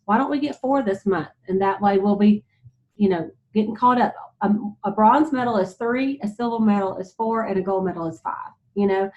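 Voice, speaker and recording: A woman leading a motivational sales team talk, chatty and animated, retelling stories with lots of "you know"s. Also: mid-range voice, normal speed. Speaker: sales director speaking to her team. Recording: slightly dull lo-fi sound.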